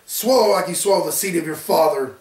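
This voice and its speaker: A man's voice: a little high, brisk, darkish tone, close to an everyday voice. A man voicing a deranged, taunting young killer. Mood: snarling. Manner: taunting, menacing. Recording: roomy, distant from mic.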